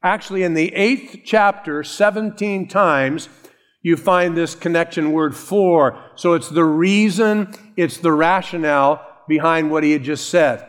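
A man preaching a sermon, measured and emphatic, stretching out key phrases slowly. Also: a little high. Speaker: pastor.

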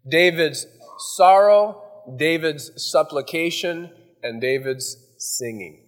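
A man's voice: medium pitch, measured pace, in a large hall. A man preaching a verse-by-verse sermon as pastor, folksy and conversational, often acting out asides.

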